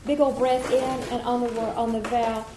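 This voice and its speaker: A woman's voice: fairly high pitch, little pitch movement, brisk, background noise. Woman choir teacher in an echoey room. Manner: demonstrates warm-ups, sings vowels. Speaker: children's choir director. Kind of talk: teacher workshop demonstration. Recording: echoey room with faint ambience.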